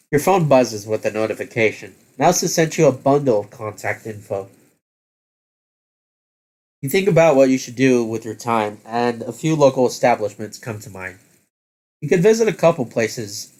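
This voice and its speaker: A man reading a text adventure aloud as game master, halting and correcting himself as he goes. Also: medium pitch, animated, a little mellow.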